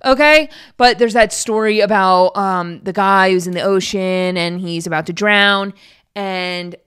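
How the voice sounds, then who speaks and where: Brief: young woman podcast host, middle-pitched, chatty and rambling, animated storyteller. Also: a little slow, smooth. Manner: animated, jumps in pitch when excited. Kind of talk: casual chat.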